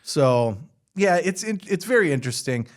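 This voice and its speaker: A man's voice: on the high side, very animated, normal speed. A man hosting a podcast, casually recapping a film, swearing freely and laughing as he retells scenes. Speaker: podcast host. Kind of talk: casual movie recap chat.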